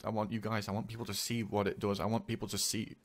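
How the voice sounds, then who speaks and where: A man telling a personal story in a confessional vlog, speaking haltingly and earnestly with many repeats. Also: lowish voice, little pitch movement. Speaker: vlogger.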